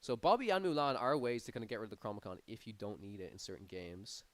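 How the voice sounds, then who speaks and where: Smooth-voiced man casting a card game. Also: fairly low pitch, quick pace. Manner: energetic, rising excitement on big plays. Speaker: tournament caster. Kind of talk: live play-by-play commentary.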